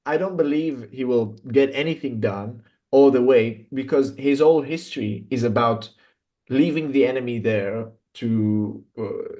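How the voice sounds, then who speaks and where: Halting, skeptical male commentator. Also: mid-range voice, warm tone. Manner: halting, many fillers and restarts, skeptical. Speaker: guest commentator. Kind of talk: political commentary chat.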